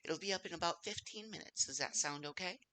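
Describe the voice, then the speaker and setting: A man's voice: on the high side, quick pace, voice pushed up. A man doing a sweet older barmaid. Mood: doting. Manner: soft, doting, calls people sweetheart.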